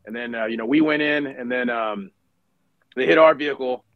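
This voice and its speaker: A man's voice: medium pitch, fairly quick, fairly bright tone, no room sound, dull audio. Man, middle-aged, veteran guest, casual storytelling, dry close sound, lots of restarts. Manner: conversational, many fillers and restarts. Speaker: guest, retired Marine officer. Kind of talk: casual war story told in conversation.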